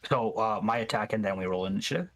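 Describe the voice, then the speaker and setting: A man's voice: fairly low pitch, fast, fairly bright tone. A man playing a tabletop game with friends, eager and casual, swearing freely. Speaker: player.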